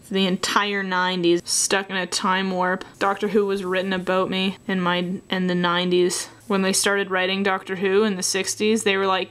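A woman's voice: mid-range voice, completely flat delivery, moderate pace, hardly any pauses, fairly bright tone, smooth. A young woman from Canada with a Canadian accent, talking casually and sarcastically while drawing, muttering self-mocking asides under her breath. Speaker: artist drawing tutorial host.

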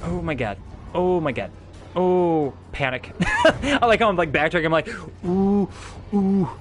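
A young man commentating his gameplay, reacting with excited, profane yelps and jokes. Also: fairly high pitch, normal speed, soft background music. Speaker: gameplay streamer.

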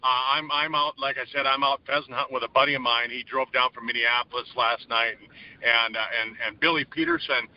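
A man hosting a group call, enthusiastic but halting with many fillers. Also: medium pitch, steady tone, highs cut off.

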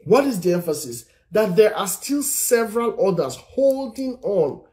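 A man's voice: sits high, big pitch swings, a little slow, mellow. A man giving an earnest, encouraging sermon-style teaching over a phone live stream, repeating his points and reading scripture aloud. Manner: earnest, repetitive exhortation, reads scripture aloud. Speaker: Christian teacher on singles and marriage.

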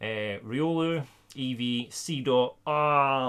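A Scottish man live-streaming himself opening trading card packs, chatting casually with viewers and getting loud and excited over good pulls. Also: mid-range voice, a little slow, pauses often.

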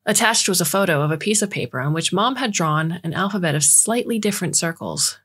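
A woman reading a short story aloud in a measured storytelling manner as scripted narration. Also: on the low side, expressive, a bit bright, breathy edge. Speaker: audiobook reader.

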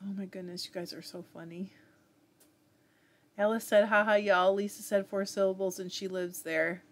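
A woman's voice: medium pitch, steady tone, normal speed. A woman with a Southern US accent hosting a live fiber arts stream, chatting casually and reading viewer comments aloud with frequent laughs.

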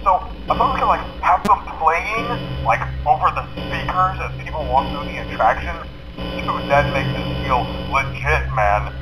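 A man's voice: a little high, normal speed, over music, close to an everyday voice, rough recording. An actor playing a chatty male night-shift manager who leaves stammering, casual recorded messages. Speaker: game character leaving phone messages. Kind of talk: recorded game voice lines.

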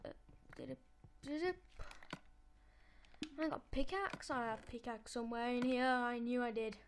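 A woman's voice: on the high side, unhurried, slight background noise. A woman giving chatty let's-play commentary, talking to herself as she builds and playfully gloating at the game. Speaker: gameplay channel host.

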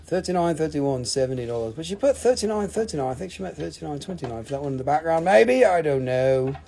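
A man's voice: fairly high pitch, animated, fast talker, creaky, mellow. A man hosting a live crystal sale stream, joking around and calling out buyers' names and prices. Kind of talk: live sales stream chat.

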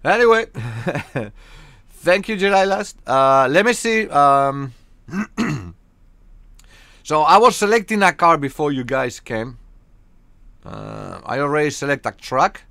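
A man's voice: on the high side, expressive, slow, creaky, long pauses, fairly bright tone, dry recording. Chatty man with a Spanish accent. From Spain. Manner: chatty, joking, many filler hesitations. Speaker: streamer. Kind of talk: casual live game-stream chat.

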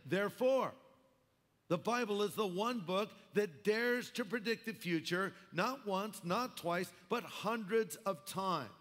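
A man's voice: sits high, slow, a bit bright. A man preaching a sermon as pastor, emphatic with wry asides. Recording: long hall reverb.

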